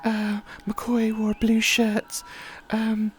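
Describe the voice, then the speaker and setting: A woman's voice: a little high, monotone, slow pace, slight background noise. A woman hosting a livestream, chatting in a rambling, casual way with many fillers. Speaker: livestream host.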